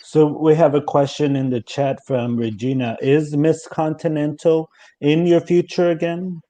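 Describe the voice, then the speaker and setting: A man's voice: fairly high pitch, fairly even intonation, unhurried, mellow. A man hosting a live online talk show, reading out viewers' questions and praising his guest at length. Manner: reads chat questions, effusive with praise. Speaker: host.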